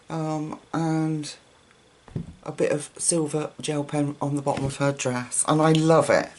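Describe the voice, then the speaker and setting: A woman's voice: low voice, steady tone, a little slow. A grandmother chatting casually on her coloring channel, rambling and enthusiastic as she shows her pages. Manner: chatty, rambling, self-correcting, warmly enthusiastic.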